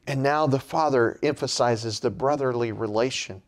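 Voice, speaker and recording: A man preaching a sermon in a slow, measured way, his pitch dropping at the end of phrases.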